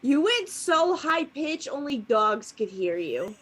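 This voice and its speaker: A woman playing a tabletop game, asking quick, teasing questions. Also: sits high, big pitch swings, fairly bright tone. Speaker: player. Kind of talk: casual chat at a game table.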